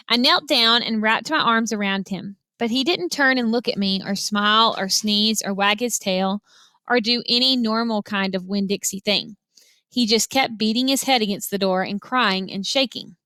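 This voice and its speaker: A woman teacher reading a novel aloud to her students, telling them to follow along, with an expressive read-aloud manner. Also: on the high side, dry recording.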